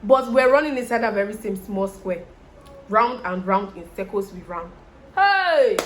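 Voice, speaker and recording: A woman's voice: mid-range voice, a little slow, slight background noise. A young Nigerian woman with a Nigerian accent, chatting to viewers and telling a story while doing her make-up. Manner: chatty, animated, addresses viewers directly. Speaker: vlogger.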